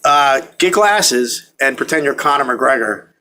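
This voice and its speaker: A man's voice: medium pitch, animated, unhurried, sharp tone. A man hosting a casual podcast chat, blunt and profane, laughing often. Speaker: podcast host.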